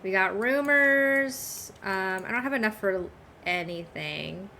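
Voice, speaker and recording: A woman's voice: mid-range voice, vocal fry, pushed and bright, slight background noise. A young woman casually chatting and giggling as she streams a game from her phone. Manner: giggly, unhurried, chatty asides.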